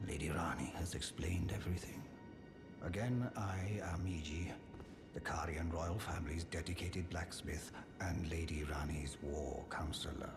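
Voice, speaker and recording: Super deep solemn blacksmith, video game, music in the back. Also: male voice, normal speed. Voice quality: deep, formal, creepy. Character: loyal solemn male royal blacksmith. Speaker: game character.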